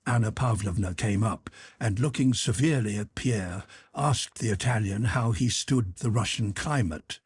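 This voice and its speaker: Husky, lively male audiobook narrator. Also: lowish voice, no echo.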